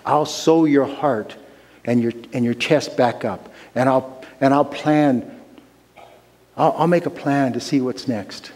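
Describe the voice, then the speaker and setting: A preacher voicing an arrogant heart surgeon. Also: male voice, mid-range voice, takes it slowly, a little mellow. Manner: curt and condescending. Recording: long reverb of a large hall.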